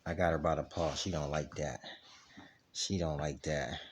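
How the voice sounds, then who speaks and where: A man's voice: very deep voice, steady tone, normal speed, breathy edge. A man hosting a casual dog vlog at home, rambling and repeating "you know what I mean" as he plays with his dog. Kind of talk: casual chat. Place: at home, indoors. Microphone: camera.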